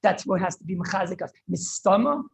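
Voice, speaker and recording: A man, a rabbi, giving an impassioned Torah lecture over a video call, often halting and repeating words as he searches for them. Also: high-pitched, expressive, vocal fry, breathy edge, poor audio. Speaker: rabbi teaching a class.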